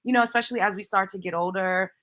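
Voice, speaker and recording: A woman's voice: medium pitch, fast talker, a bit bright. Emphatic preachy woman commentator. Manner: preachy, emphatic, swears freely. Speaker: commentary host. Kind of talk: reaction commentary.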